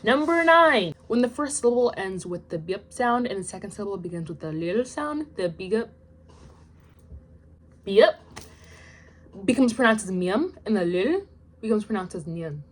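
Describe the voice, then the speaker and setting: A young woman reading out study notes in a casual vlog, chatty and self-deprecating, her asides trailing off into quiet mumbles. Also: medium pitch, expressive, normal speed, pauses often. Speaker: language learner vlogger.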